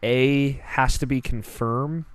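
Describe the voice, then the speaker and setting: A man hosting a casual gaming podcast, rambling in a relaxed way and swearing now and then. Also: medium pitch, slow pace, smooth. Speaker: podcast host.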